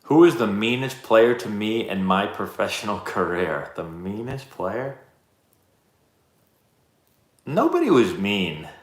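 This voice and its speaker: A man in his thirties hosting a live stream, answering chat questions in a relaxed, rambling, self-deprecating way. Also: lowish voice, slow pace, pauses often. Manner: laid-back, rambling, self-deprecating storyteller. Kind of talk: casual chat. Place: indoor room, live stream. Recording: roomy echo.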